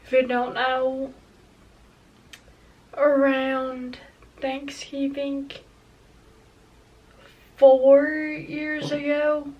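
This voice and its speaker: Slow, halting young woman vlogger. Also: high voice, monotone, recorded from a distance, dull audio. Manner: halting, hesitant, emotional. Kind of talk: personal confessional vlog.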